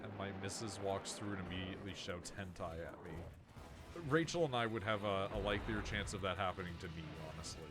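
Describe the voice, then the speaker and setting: Low-voiced sweary man gaming chat. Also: quick pace, music in the background. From Ontario, Canada. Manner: rambling, sweary, self-interrupting. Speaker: streamer host.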